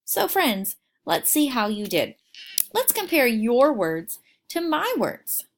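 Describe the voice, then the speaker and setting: A woman teaching a phonics lesson to young children, slowly sounding out words and asking them to repeat. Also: high-pitched, very animated. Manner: slow, exaggerated sounding out of words.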